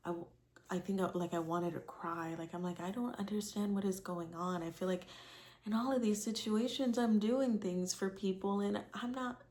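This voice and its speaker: A woman's voice: mid-range voice, moderate pace, a little mellow. A woman in her twenties frankly telling a rambling personal story to camera, with many fillers and casual swearing. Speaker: vlogger.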